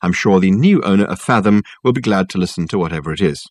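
A man's voice: low voice, expressive, dry recording. Brief: male reader doing a poised aristocratic matriarch, sugary yet cutting, dry close sound. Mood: sweetly brisk. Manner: briskly sweet, coolly in control. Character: brisk, sweetly ruthless older aristocratic mother.

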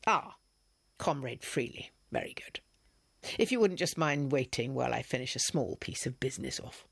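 A man playing a brisk little official. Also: medium pitch, lively intonation, vocal fry, a bit bright, slightly rough, no echo, heavily acted. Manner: clipped, polite, commanding. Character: short, brisk male Soviet official.

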